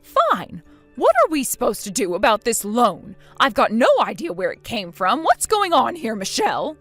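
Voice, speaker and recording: A woman's voice: a little high, huge pitch swings, normal speed, fairly bright tone, soft background music, heavily acted. Synthetic woman voicing a spiteful older mother-in-law. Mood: demanding. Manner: scolding, contemptuous. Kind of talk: text-to-speech chat story.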